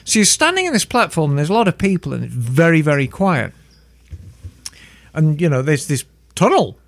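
Animated high-voiced English man. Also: normal speed, dry recording. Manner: chatty, animated storyteller. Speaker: podcast co-host. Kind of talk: casual chat.

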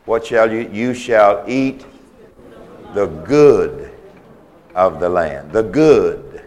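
A man's voice: lowish voice, lively intonation, very slow, a little mellow. A man preaching a sermon with a Southern US accent, earnest and repetitive, restarting phrases for emphasis.

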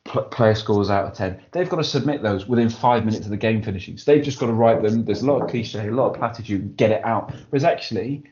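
A man talks in a low register, his chat full of passion and rising excitement. The sound is a little muffled and lo-fi, like a home podcast setup. He rushes to make his point. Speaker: podcast co-host. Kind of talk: casual chat. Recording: dull lo-fi audio.

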